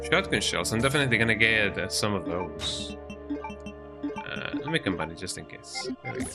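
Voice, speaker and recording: A young man streams a game, rambling through casual gameplay commentary in a fairly low, sing-song voice at normal speed. He sweetly talks baby talk to his cat, with game music playing behind him.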